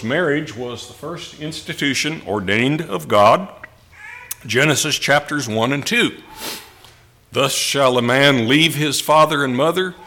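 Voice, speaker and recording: A male preacher delivers a sermon in a measured, deliberate way, pausing to let points land. His voice sits in an ordinary middle pitch. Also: pushed and bright. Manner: slow, deliberate delivery with pauses for emphasis.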